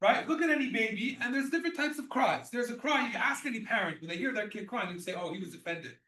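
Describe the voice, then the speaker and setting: High-voiced man teaching in an echoey room. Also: animated, fast talker, bright, forceful tone. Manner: repeats and restarts, explains with everyday examples. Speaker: rabbi teaching a class. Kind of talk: explanatory Torah class. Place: class room or synagogue. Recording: echoey room, mic far off.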